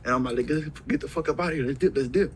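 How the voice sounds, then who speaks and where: A man's voice: fairly high pitch, quick pace, a little hiss or hum, rough recording. A young man retelling a story in profane slang and acting out the lines people said. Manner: profane slang-heavy retelling, acts out quoted dialogue. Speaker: interview guest. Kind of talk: casual storytelling.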